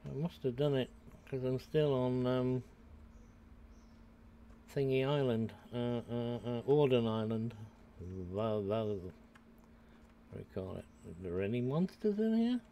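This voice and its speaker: An older man from the United Kingdom streams a game with a warm, mid-range voice, speaking a little slowly with long pauses over a little hiss or hum. He chats with viewers and rambles to himself while playing, casually commenting on the gameplay.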